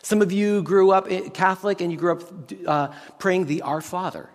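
A man preaching a sermon as pastor, teaching on Hebrew words with lively rhetorical questions. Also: sits high, moderate pace, long reverb tail. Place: church sanctuary with tech team.

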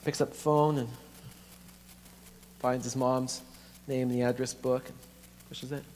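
A man preaching as a pastor, telling a story in a conversational, halting, earnest way. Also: mid-range voice, flat delivery, darkish tone. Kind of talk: sermon storytelling. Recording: echoey hall, faint hum.

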